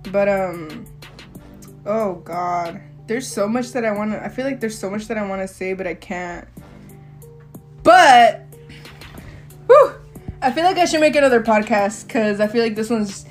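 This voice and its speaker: A young woman hosting her own podcast, telling a candid, slang-heavy story in a rambling, casual way with frequent laughs. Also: medium pitch. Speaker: podcast host. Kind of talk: casual solo podcast chat.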